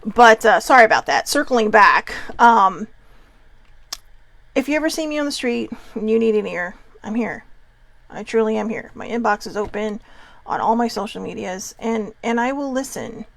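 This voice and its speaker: A fairly high, gravelly Californian woman talks casually about self-care, rambling from story to story with plenty of fillers. The sound is dry and close, with no room around it. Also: lively intonation, moderate pace, a bit bright, no echo. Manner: rambling, chatty, many fillers and asides. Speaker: host.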